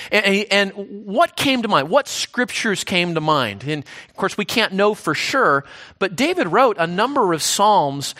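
A man's voice: sits high, sharp tone. A man, the pastor, preaching a sermon in a conversational way, often restarting phrases and checking in with "right?".

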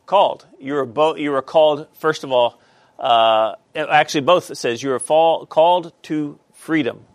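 A man teaching a Bible study class, halting with many fillers and asking the class questions. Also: on the high side, no room sound.

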